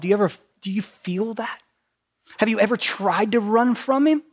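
A man preaching a sermon as pastor, conversational and full of asides, moving between hushed, near-whispered lines and loud, urgent passages. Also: sits high, moderate pace.

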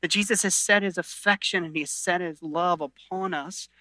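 Bright, forceful preaching man. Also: high-pitched, fairly even intonation, normal speed, dry recording. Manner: earnest, shifts between loud emphasis and quiet intensity, frequent restarts. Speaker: pastor. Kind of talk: sermon.

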